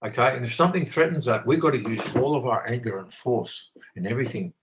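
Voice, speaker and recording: A man's voice: mid-range voice, quick pace, rough recording. A man talking with passion on a video call, swearing often and preaching his views. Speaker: channel host. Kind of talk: impassioned conversational rant.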